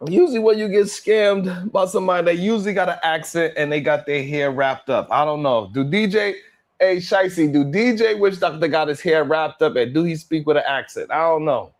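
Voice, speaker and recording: A man's voice: on the high side, fairly quick. A man hosting a casual livestream, chatting and reacting to viewers with laughs, sighs and slang. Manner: laid-back, laughing, sighing, drawling slang. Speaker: livestream host. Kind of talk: casual livestream chat reading super chats.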